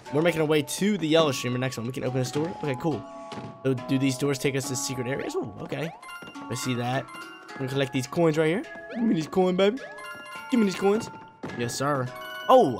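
Over music, a young man with a slightly hoarse, medium-pitched voice gives fast, laid-back, slangy gameplay commentary broken by excitable bursts.

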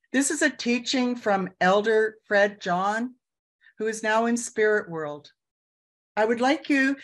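Slow, gentle woman in her sixties. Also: on the high side. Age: 60s. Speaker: elder giving closing words. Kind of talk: spoken closing reflection with guided breathing. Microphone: video call.

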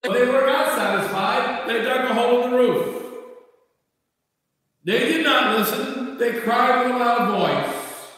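A man preaching a sermon as a bishop, slow and emphatic, rising and dropping his voice. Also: extremely high pitch, fairly bright tone. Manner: slow, emphatic preaching with sudden rises and drops. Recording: echoey church from far off.

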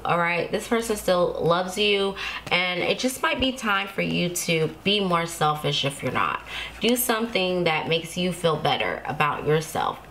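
A woman's voice: lowish voice, a bit bright, a little hiss or hum. A woman giving a casual tarot reading to her viewers, chatty and reassuring, often laughing to herself. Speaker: tarot card reader.

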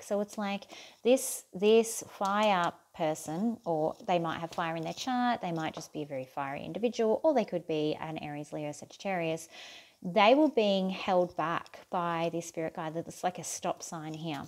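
Woman reading tarot, kinda low voice, chatty, says um a lot, faint hiss behind. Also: normal speed. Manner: chatty, thinks aloud with fillers and restarts; asks the cards softly, near-whispered. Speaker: tarot reader.

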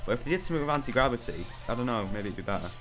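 A man's voice: mid-range voice, animated, rapid-fire, a bit bright, soft background music. A young man hosting a group let's play, chatting casually, joking and laughing often. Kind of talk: casual group gaming chat.

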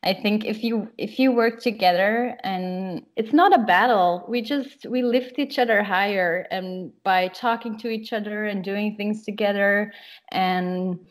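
A woman speaking as a podcast guest in a thoughtful, measured way. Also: mid-range voice. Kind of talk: casual interview talk.

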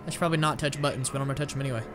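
A man's voice: mid-range voice, fairly even intonation, rapid-fire. A young man casually commenting as he plays a video game, rambling, joking at his own expense and blurting out his frustration. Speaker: gamer playing through a shooter. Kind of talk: casual let's-play commentary. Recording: game music playing behind.

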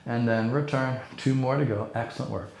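A man leading a yoga class, giving calm, encouraging cues and counting through the poses. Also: mid-range voice, fairly quick, vocal fry, a little hiss or hum. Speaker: yoga instructor. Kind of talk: guided yoga class instruction. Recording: very echoey room.

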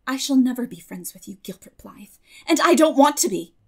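Woman reading as spirited young girl, earnest, declaiming, slightly high, gravelly, storybook. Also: animated, brisk. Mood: cold. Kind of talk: audiobook character voice.

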